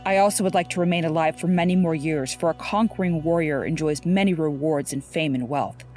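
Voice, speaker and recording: A woman's voice: sits low, a little fast, darkish tone, lightly acted. Dying warrior commander, grave and commanding, faint music bed, read by a woman.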